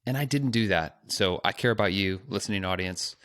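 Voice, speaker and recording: A podcast co-host chats casually, rambling in a conversational way and tossing in joking asides. He has a low-pitched, slightly bright voice and talks fairly quickly.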